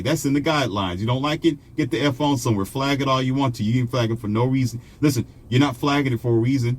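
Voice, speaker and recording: Husky man ranting at his viewers. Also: medium pitch. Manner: confrontational, mocking, preachy. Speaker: online commentator. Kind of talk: ranting monologue.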